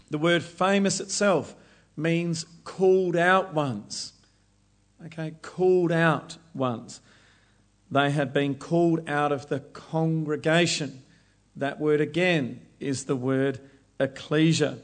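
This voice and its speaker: Slow-talking man preaching a Bible study. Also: fairly high pitch, steady tone. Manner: slow, deliberate, explanatory.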